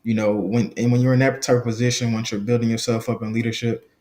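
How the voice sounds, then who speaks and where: A man's voice: medium pitch, little pitch movement, fast talker, mellow. A man in his twenties from a small Southern country town, reflecting as an interview guest with many fillers. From small country town in the Gullah Geechee region, US South. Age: 20s. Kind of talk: casual interview conversation.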